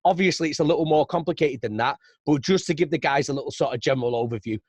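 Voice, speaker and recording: A man's voice: on the high side, quick pace, darkish tone, slightly rough, no room sound. A man with a Manchester accent hosting a podcast, chatty and easygoing, with many fillers. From Manchester, England. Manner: chatty, laughing, filler-heavy. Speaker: podcast host. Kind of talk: casual interview chat.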